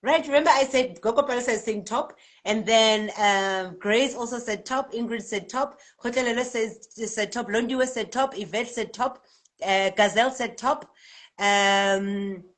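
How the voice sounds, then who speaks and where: A South African woman hosting a live spiritual card-reading stream, reading out viewers' comments in a lively, chatty way and laughing often. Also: mid-range voice, normal speed. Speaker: spiritual healer and card reader.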